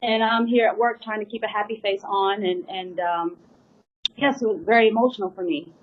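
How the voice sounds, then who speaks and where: A woman's voice: medium pitch, steady tone, brisk. Woman drummer talking it out, rambly and pleading, kinda muffled audio. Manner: rambling, full of "you know" and "like" fillers; earnest, pleading. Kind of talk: emotional personal account. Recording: slightly muffled lo-fi recording.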